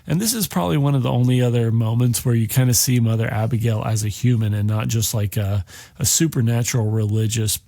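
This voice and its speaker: Man, podcast host, casual movie recap, rambling, lots of swearing, mid-pitched voice, dry close sound. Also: fast, vocal fry, dark tone, no echo. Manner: rambling and heavily profane, acting out characters' lines.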